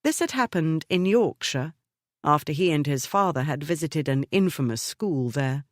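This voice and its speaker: Measured woman reading a romance novel. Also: low voice, lively intonation, no echo, studio quality. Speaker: audiobook narrator. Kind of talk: scripted narration of a romance novel.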